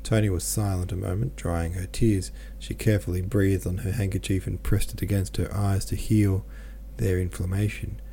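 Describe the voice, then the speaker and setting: Low, mellow male audiobook narrator. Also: creaky, slight background noise. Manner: measured, even storytelling. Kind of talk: scripted literary narration.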